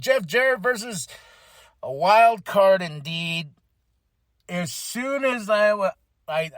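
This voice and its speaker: A man hosting a podcast, reviewing a wrestling show in casual chat, animated and acting out wrestlers' lines. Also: on the high side, dry recording, studio quality. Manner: animated, acts out wrestlers in quotes, swears. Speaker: podcast host.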